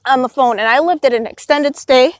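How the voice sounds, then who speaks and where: A woman's voice: sits high, a little fast, no echo. A woman vlogging, telling a rambling personal story in casual chat with many "you know" asides. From Illinois, United States.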